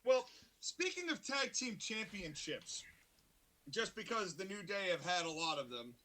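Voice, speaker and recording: A man's voice: high-pitched, very animated, pushed and bright. A man co-hosting a wrestling review podcast in casual, joking banter. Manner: joking, teasing, quick asides. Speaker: wrestling show co-host.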